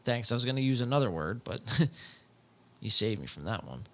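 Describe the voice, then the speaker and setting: A man's voice: mid-range voice, big pitch swings, normal speed, fairly bright tone. A man hosting a podcast, reacting to clips in casual, profane, joking commentary.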